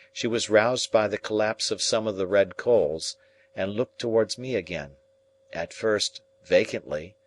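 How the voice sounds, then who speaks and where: A man reading a classic novel aloud as audiobook narrator, in a measured storytelling way. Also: fairly low pitch.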